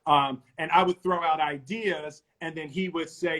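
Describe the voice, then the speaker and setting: Brief: middle-aged man from Philadelphia, guest on a live video chat, raised voice, lively storyteller. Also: a little high, measured pace. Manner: animated storyteller, laughs often. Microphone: video call.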